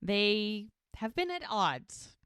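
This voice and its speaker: In clean studio sound with no echo, a woman with a medium-pitched, clear, resonant, fairly bright voice draws out words and swings her pitch widely. As a podcast co-host, she casually retells a TV episode scene by scene, performing the characters' lines and laughing a lot.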